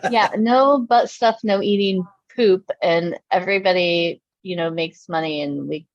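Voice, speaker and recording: Woman podcast co-host, chatty storyteller, fairly low voice, dry close sound, slightly dull recording. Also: a little slow, no room sound. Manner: chatty, laughs often, acts out quotes. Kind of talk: casual chat, storytelling.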